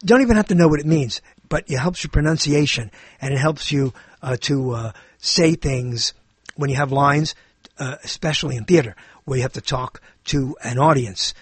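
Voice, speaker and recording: A man's voice: medium pitch, moderate pace, breathy edge, no room sound. An older man hosting a radio talk show in a rambling, theatrical monologue, repeating phrases and drifting between topics.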